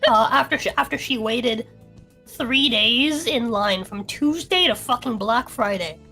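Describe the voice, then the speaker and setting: A woman's voice: on the high side, a little slow, bright, forceful tone, slightly rough, faint music behind. A young woman, drunk and swearing heavily, ranting on a casual streamed podcast as co-host.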